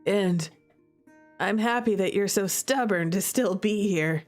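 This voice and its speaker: A woman voicing a gentle, weary grown man, a math teacher in a dating game, speaking softly and hesitantly. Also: mid-range voice, a little slow, soft background music, close to an everyday voice. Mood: tender.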